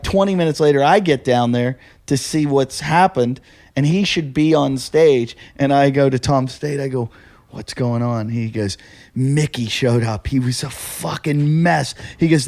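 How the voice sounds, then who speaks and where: A male comedian chatting casually on his podcast, with a voice pitched a little above most men's. He tells stories with energy and acts out the other people's lines as he goes. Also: a little mellow. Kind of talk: casual storytelling chat.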